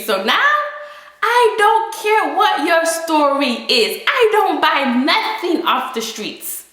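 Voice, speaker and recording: Animated woman telling a story in an echoey room. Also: slow pace. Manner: expressive, laughs through lines, acts out her own panic in a high voice. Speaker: vlogger telling a personal story.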